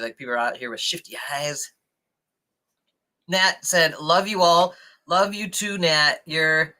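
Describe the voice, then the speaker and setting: A young adult man hosting a casual livestream, chatting excitedly and thanking viewers as he reads comments. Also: mid-range voice. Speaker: livestream host.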